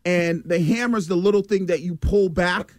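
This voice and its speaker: High-voiced man explaining patiently. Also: normal speed, a little mellow, no echo, studio quality. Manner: patient, explains things, hedging. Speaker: co-host. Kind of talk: live-stream talk show banter.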